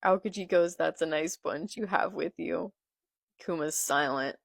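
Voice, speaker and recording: A young woman with a low-pitched, creaky voice reads comic dialogue at a measured pace in a casual manga reaction video, commenting between lines. It's filmed on a phone in portrait, yet the sound is clean and studio-like, with no echo.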